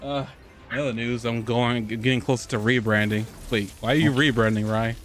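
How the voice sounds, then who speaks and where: A man chatting casually while playing a game on stream, excitable and easily distracted, often apologizing. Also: mid-range voice, moderate pace, soft background music. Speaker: gamer streaming gameplay. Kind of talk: casual chat while gaming.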